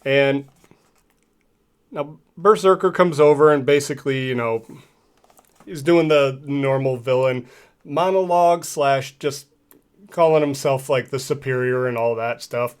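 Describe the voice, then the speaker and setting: A man in a casual comic recap, talking in a relaxed, rambling way with plenty of fillers. His voice sits at a middle pitch. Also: measured pace, pauses often, clear, resonant tone. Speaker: comic reviewer.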